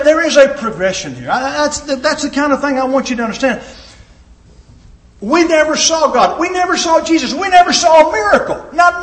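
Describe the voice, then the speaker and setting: A man preaching a sermon with emphatic delivery and sudden swings in pitch and loudness. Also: roomy sound.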